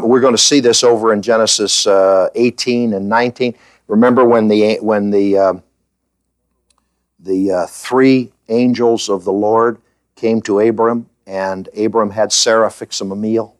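A man's voice: mid-range voice, no room sound. A man preaching in conversational Bible-teaching style, who asks the listeners questions and fills gaps with "uh".

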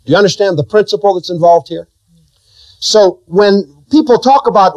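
A man preaches a sermon with a slightly slow, somewhat mellow voice, swinging his pitch widely, rising and dropping suddenly for emphasis, and putting questions to his listeners. The recording is dry, with the high frequencies cut off.

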